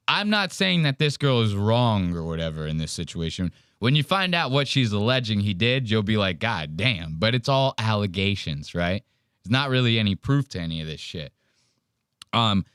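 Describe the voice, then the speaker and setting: A male podcast host riffs on clips with crude, wry commentary. His pitch swings up and down a lot as he talks. The sound is close and dry, with no room echo. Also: fairly bright tone, clean tone. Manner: profane, wry, reacting to clips.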